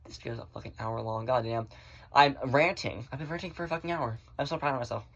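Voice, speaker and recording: A man's voice: mid-range voice, fast talker, a bit bright, slightly rough. A man vents in a blunt, sassy rant, recorded on his phone at home. His speech is loose and full of filler words, with casual swearing woven through it. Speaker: vlogger.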